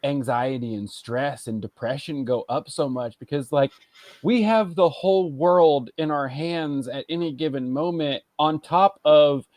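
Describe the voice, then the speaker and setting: A man's voice: on the high side, unhurried, a little mellow, no room sound. Guy in his 30s on a chill podcast, rambly and thoughtful, dry close sound. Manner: rambling, reflective, lots of fillers. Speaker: podcast co-host. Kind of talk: casual chat.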